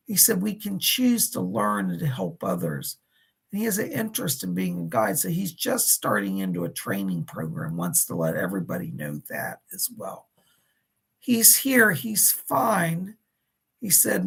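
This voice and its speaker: Very gravelly, husky male psychic host. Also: high-pitched, fairly bright tone. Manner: chatty, addresses viewers by name, relays spirit messages. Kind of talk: live-streamed psychic readings.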